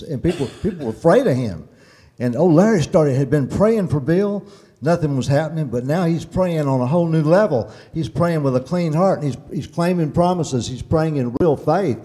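Dark-voiced preacher in a hall. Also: male voice, on the high side. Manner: animated preaching, swinging between loud emphasis and hushed tones. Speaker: pastor. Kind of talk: sermon storytelling. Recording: long reverb of a large hall.

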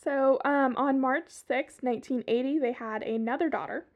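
A woman's voice: high-pitched, moderate pace. A young woman with a Southern US accent hosting a casual true-crime podcast, swearing freely and breaking off into chatty asides. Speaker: podcast host.

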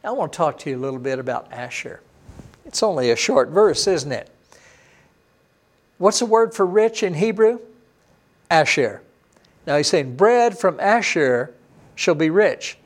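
A male pastor delivering a sermon teaching in a folksy, conversational way. His voice sits a bit high for a man. He drops to hushed awe, then comes back emphatic and lively. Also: moderate pace, pauses often.

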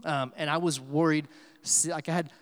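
Higher-voiced preacher in an echoing church. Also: male voice, steady tone, normal speed. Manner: conversational, storytelling with many fillers. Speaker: pastor. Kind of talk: sermon.

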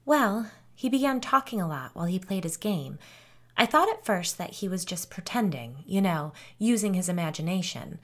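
A woman's voice: fairly low pitch, expressive, moderate pace. Woman narrator playing a worried older mom, earnest, explains at length, slightly lifted voice. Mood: explaining. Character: anxious, earnest older mother.

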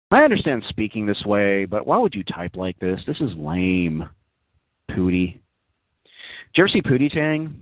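A man's voice: sits low, dry recording. A man hosting a casual online radio talk show, rambling in a mock-serious way with many fillers, heard as tinny, phone-like audio. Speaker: host.

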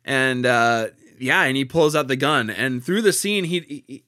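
A man with a bright, forceful and smooth voice, discussing a play in casual talk. He speaks haltingly, pausing and restarting as he gathers his thoughts. The sound is close and dry. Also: medium pitch, expressive, no echo. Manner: halting, many fillers and restarts, laughs easily.

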